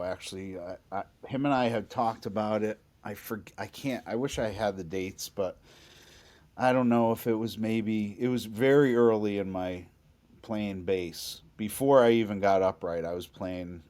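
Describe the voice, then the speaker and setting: Excitable, story-telling bass musician, a man. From New England. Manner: animated, excitable, frequent restarts. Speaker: bassist guest. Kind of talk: storytelling in a podcast interview.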